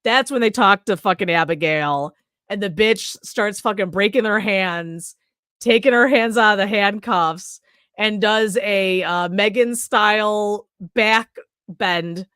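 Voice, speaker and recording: Young adult woman, podcast co-host, animated, profane, dry close-miked sound. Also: mid-range voice, slow, clear, resonant tone, no echo. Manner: animated, swears often, acts out characters' lines. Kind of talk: casual movie review chat.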